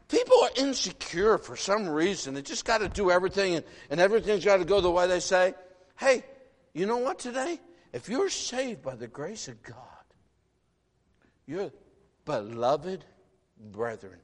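A man in his sixties, originally from the northern United States, preaching a sermon in an animated, folksy way, full of rhetorical questions. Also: high-pitched. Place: church sanctuary. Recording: long reverb of a large hall.

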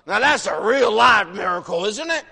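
A man in his sixties, originally from the northern United States, preaching a sermon in an animated, folksy way, full of rhetorical questions. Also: high voice, moderate pace, creaky, slightly rough. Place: church sanctuary. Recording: long reverb of a large hall.

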